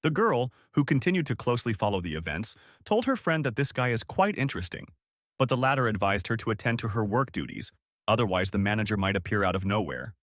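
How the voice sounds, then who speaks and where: Animated male story narrator. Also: on the low side, fast, no echo, clean studio sound. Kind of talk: scripted story recap narration.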